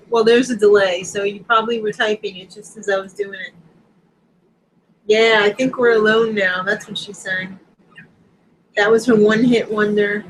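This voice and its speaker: A middle-aged woman from Long Island hosting a casual live-stream chat, talking in quick asides and reading viewer comments aloud. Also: medium pitch, a little hiss or hum, rough recording. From Long Island, New York. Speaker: host.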